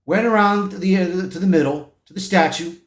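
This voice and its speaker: High-voiced guy recapping a movie. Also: fairly quick. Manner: rambling, with restarts. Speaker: movie reviewer. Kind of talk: casual plot recap. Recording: echoey room.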